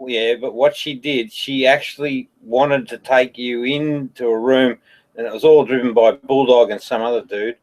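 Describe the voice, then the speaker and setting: A man chats casually as co-host of a show. He laughs often and eggs on his partner. His voice has a plain middle pitch. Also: fairly even intonation, normal speed, darkish tone, low-quality recording. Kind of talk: casual chat.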